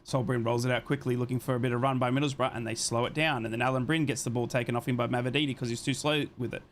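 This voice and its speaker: Calling a football match move by move during his live watchalong, a young man reads out viewers' chat and swears without restraint, full of excitement. His medium-pitched voice races along, with a faint hiss or hum in the background.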